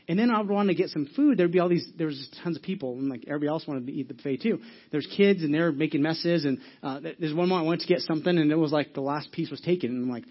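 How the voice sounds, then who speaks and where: Fast-talking man preaching a sermon. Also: fairly high pitch, highs cut off. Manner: storytelling with many restarts and acted asides. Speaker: pastor.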